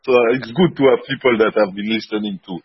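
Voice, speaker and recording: A man's voice: fairly low pitch, fairly even intonation, fast, roomy sound. Earnest man explaining on a call. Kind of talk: casual group voice chat. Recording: dull lo-fi call audio.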